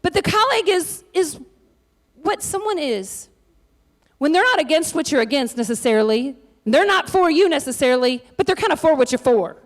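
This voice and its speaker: A woman pastor preaching a lively, conversational sermon with joking asides. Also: high voice.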